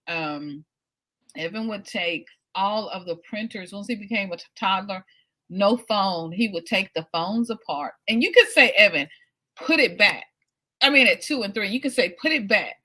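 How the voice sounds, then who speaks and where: A middle-aged woman hosts a casual interview and drifts into long family anecdotes, peppered with ums. Her voice is bright and sharp. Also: mid-range voice, lively intonation, unhurried. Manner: chatty, rambling anecdotes with fillers. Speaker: host.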